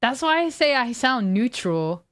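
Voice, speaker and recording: A woman's voice: fairly high pitch, big pitch swings, unhurried, a bit bright. A woman streamer chatting casually with her viewers, reading chat aloud and riffing on it in a laid-back way.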